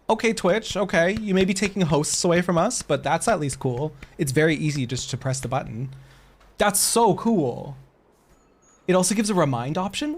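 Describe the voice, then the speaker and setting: A man chatting casually on a live stream while gaming, excitable and quick to laugh. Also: high-pitched, faint music behind.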